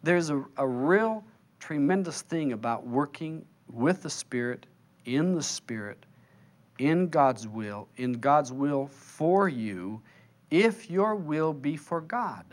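A man with a somewhat high voice giving a seminar sermon. He talks in a loose, playful, storytelling way, stretching out key words for emphasis. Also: lively intonation. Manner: conversational, playful storytelling with slow, drawn-out emphasis. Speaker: spiritual teacher.

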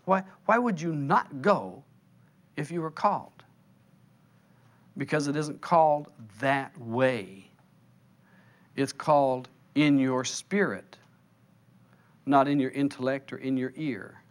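A man teaching a spiritual seminar in a conversational, playful storytelling manner, slowing and drawing out words for emphasis. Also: medium pitch. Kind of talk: seminar sermon.

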